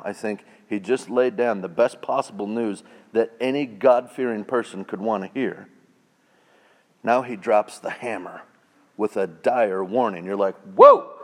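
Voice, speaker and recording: A man preaching a sermon in a casual, conversational way, swinging between hushed, intimate passages and loud, emphatic declarations. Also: medium pitch, long reverb tail. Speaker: pastor.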